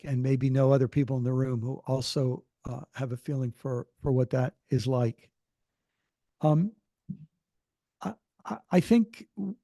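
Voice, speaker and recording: An older man speaking to an audience in a gentle, reflective way, often pausing and restarting his sentences. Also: fairly high pitch, no room sound, clean studio sound. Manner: gentle, thoughtful, with frequent restarts and hesitations. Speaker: speaker answering audience questions.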